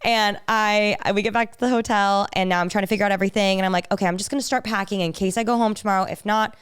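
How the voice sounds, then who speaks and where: A woman's voice: mid-range voice, fast. A young woman co-hosting a podcast, chatting casually and acting out quotes as she tells a story. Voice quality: smooth, animated storytelling with acted-out quotes. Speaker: podcast co-host. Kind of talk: casual chat.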